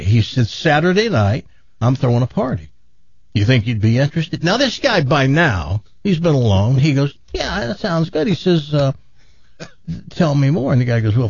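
A man hosting a radio talk show, telling a long joke in a casual, animated way, his jaw sore after dental work. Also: mid-range voice, husky, no echo, lo-fi sound. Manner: animated joke-telling, laughs at own story.

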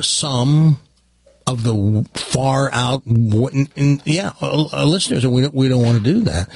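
A man's voice: mid-range voice, slightly rough, no echo. A man hosting a radio talk show from a studio mic, rambling with stammering restarts. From Tennessee. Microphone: studio microphone.

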